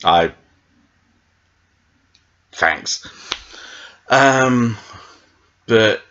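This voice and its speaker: A man's voice: medium pitch, expressive, extremely slow, pushed and bright, lo-fi sound. A British man reviewing a TV episode in a meandering, tangent-filled casual chat, full of fillers. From Britain. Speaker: TV show reviewer.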